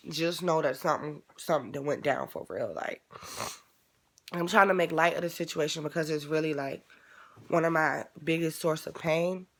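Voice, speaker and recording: A woman vlogger telling a painful personal story in a casual, candid, profane way. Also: deep voice.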